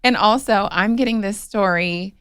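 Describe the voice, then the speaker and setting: A woman's voice: medium pitch, normal speed, a bit bright, smooth, no echo, studio quality. A woman hosting a podcast in casual chat, eagerly prompting her guest and acting out quotes. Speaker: podcast host.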